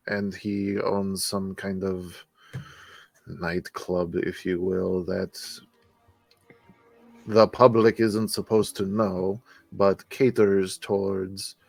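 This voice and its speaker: A low, unhurried woman who answers in a flat, weary deadpan, as a man puts her on. The sound is close and dry. She plays a jaded official in a tabletop game. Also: creaky, dry recording, heavily acted.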